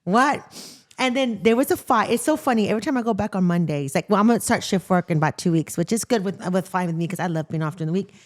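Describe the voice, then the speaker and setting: A young adult woman telling stories from her shifts as a correctional nurse. She talks in a loose, chatty way and often breaks into laughter. Her pitch sits in an ordinary middle range. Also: expressive, very fast, hardly any pauses. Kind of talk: casual chat.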